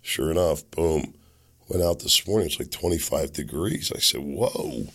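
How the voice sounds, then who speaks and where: A man hosting a podcast while sick and losing his voice. He rambles and makes sarcastic, muttered asides into a desk boom mic. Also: moderate pace, a bit bright, breathy edge. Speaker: podcast host. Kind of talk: casual commentary monologue. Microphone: boom microphone on a desk.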